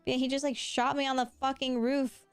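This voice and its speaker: Chatty young woman streamer, smooth voice. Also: high-pitched, little pitch movement, fairly quick, no echo, soft background music. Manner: chatty, rambling with frequent "like" and laughs; casual swearing. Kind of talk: casual chat while drawing.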